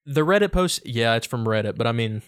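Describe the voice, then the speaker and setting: A man's voice: mid-range voice, animated, a little fast, clean tone. A young man co-hosting a podcast in casual chat, giggly and rambling, often slipping into silly put-on accents. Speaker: podcast co-host.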